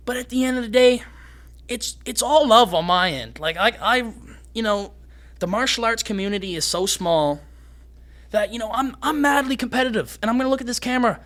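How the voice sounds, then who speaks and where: A young man from Canada, a fighter guest on a podcast, talking fast and excitedly and swearing freely. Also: very high-pitched. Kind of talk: casual podcast conversation.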